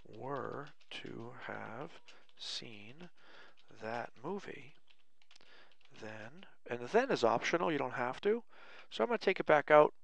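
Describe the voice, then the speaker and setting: Gravelly male teacher, dry close sound. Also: a little high, no room sound. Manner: slow, deliberate word-by-word dictation; light self-mocking humor. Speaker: English teacher. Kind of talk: grammar lesson at a board.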